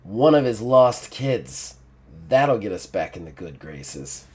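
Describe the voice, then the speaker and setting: A scheming female ocelot mutant, voiced by a man, cool and impatient. She talks down to her partner in a calm, dismissive way. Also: fairly low pitch, takes it slowly.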